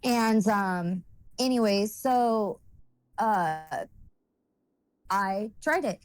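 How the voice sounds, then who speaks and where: A woman's voice: mid-range voice, animated, extremely slow, smooth, no room sound. Blunt, profane woman telling her story. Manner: blunt, swears freely, rambling with many fillers. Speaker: guest speaker. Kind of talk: candid personal storytelling.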